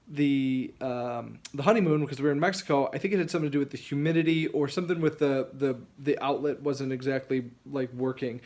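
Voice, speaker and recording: A man spinning a casual story from his own life, wandering along with plenty of "like" and "um" as he goes. His voice sits a bit higher than most men's. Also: darkish tone. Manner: rambling, lots of fillers and restarts. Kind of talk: casual anecdote.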